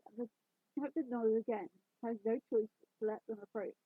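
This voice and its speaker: A woman's voice: on the high side, steady tone, brisk, husky, no echo. A woman reading fanfiction aloud in a casual way, adding her own side comments, over a tinny, phone-like recording. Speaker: fanfiction reader.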